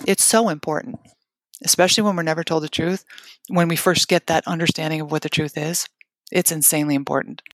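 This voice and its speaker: A middle-aged woman telling an emotional personal story in an interview, halting, with restarts and fillers. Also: sits low, fairly even intonation, dry recording, clean studio sound. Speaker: guest telling her story.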